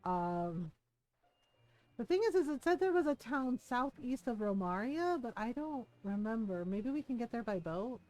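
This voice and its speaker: Woman streamer, casual chat, laughs often, slightly high voice, faint game music behind. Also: normal speed. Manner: chatty, laughing, animated impressions. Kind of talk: casual live-stream commentary.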